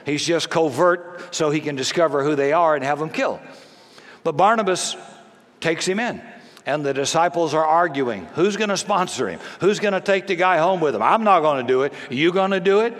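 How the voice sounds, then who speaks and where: A man's voice: fairly high pitch, lively intonation, moderate pace, fairly bright tone. A male pastor delivering a sermon, telling stories with humor and emphasis. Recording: long reverb of a large hall.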